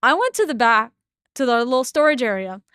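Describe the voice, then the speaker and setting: A young woman hosts a casual livestream and rattles off stories with lots of laughter. Her voice sits a bit high and sounds close and dry, with no room around it. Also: sing-song, brisk, fairly bright tone, clear, resonant tone, dry recording. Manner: chatty storyteller, laughs often. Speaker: livestream co-host.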